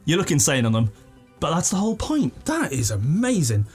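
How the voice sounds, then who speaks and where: A young man hosting an unboxing video at home, chatting with excited enthusiasm and laughing now and then. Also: a little high, fairly quick, husky, faint music behind. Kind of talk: casual unboxing commentary. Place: living room at home.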